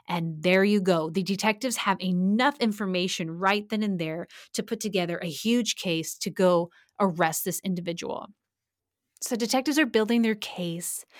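A woman hosting a podcast, telling a true case from her forensic work in a blunt, animated, conversational way. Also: mid-range voice, no echo, studio quality. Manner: animated, blunt and conversational, acting out quoted voices. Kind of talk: casual true-crime storytelling.

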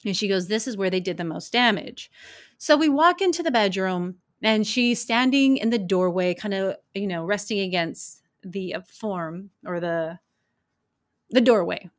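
A woman who works as a crime scene investigator, casually telling wry, animated stories from her work. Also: medium pitch, moderate pace. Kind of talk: casual anecdotal storytelling.

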